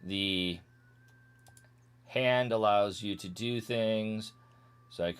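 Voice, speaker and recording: Smooth and lowish, this man's voice draws out its words as he streams a retro game. His let's-play commentary is casual and jokey, and he skips the game's text with strings of "blah blah" and "meow."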